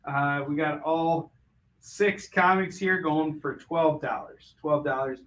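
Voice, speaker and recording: Bright-voiced jokey man selling comics. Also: on the high side, fairly even intonation, slow pace, a little hiss or hum. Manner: jokey, punning sales patter. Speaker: comic book seller. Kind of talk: live sales stream.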